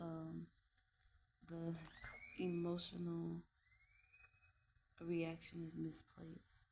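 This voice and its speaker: A woman with a low, gravelly voice speaks in a casual vlog about raising her children. Her delivery is earnest and heartfelt, with halting pauses and restarts, and her tone stays fairly flat. A faint hum of room noise sits behind her. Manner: candid and heartfelt. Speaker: mother vlogging about parenting. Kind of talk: casual reflective vlog monologue.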